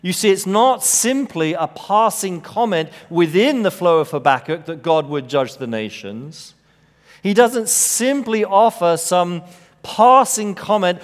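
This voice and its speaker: A man preaching an expository sermon, measured and emphatic, rising to bold peaks and dropping to hushed lows. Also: lively intonation. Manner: measured, emphatic delivery with dramatic rises and hushed drops. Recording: long reverb of a large hall.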